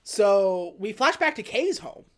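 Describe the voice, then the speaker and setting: A woman's voice: mid-range voice, sing-song, unhurried. A woman co-hosting a podcast, casually retelling a film's plot and acting out the characters' lines. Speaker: podcast co-host. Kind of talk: casual movie recap chat.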